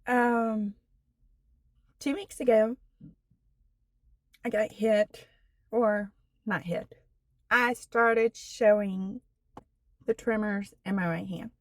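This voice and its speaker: A woman in her forties telling her own story on a personal vlog, slow and halting, with many fillers, earnest and candid. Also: medium pitch, fairly even intonation, no room sound. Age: 40s. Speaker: vlogger.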